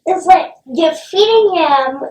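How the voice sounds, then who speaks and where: A woman co-hosting a comedic movie review podcast, playful and quick to jump in. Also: very high voice, expressive, darkish tone, slight background noise. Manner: playful, eager interjections. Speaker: podcast co-host. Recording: echoey room, distant mic.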